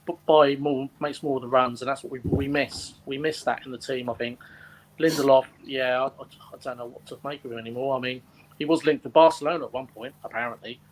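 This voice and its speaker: A man's voice: medium pitch, fairly even intonation, fast, a little hiss or hum, rough recording. A man with a Southern English accent on a fan podcast panel, speaking in a casual, eager way. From Southern England.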